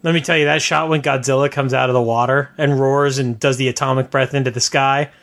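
A man's voice: medium pitch, brisk, vocal fry. A man co-hosting a casual podcast chat who talks with eager enthusiasm. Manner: enthusiastic, excitable. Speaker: podcast co-host.

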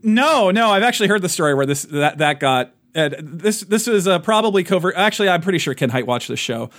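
A man's voice: high voice, expressive, a little fast, fairly bright tone. A man hosting a casual podcast chat, eagerly recommending shows to his co-hosts. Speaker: podcast host and game master.

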